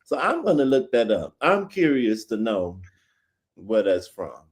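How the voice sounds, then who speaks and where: A man's voice: lowish voice, sing-song, measured pace. A man co-hosting a podcast, giving blunt opinions in casual chat and mimicking others with mocking quotes. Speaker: podcast co-host.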